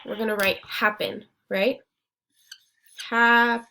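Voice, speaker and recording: A woman's voice: on the high side, slow pace, vocal fry. A young woman teaching a phonics lesson, encouraging her students and breaking words into syllables one at a time.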